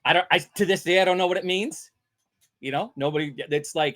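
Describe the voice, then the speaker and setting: Animated storytelling voice actor man. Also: a little high, brisk. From Vancouver, Canada. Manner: animated storyteller, bursts into loud character voices. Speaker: voice actor guest. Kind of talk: casual anecdotes.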